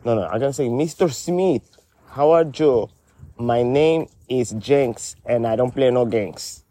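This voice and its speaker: A man's voice: mid-range voice, unhurried, dark tone, no room sound, lightly acted. A man voicing a brash middle-aged character with a Spanish-inflected English accent who calls everyone honey and rambles in street slang. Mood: scolding. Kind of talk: comedy sketch dialogue.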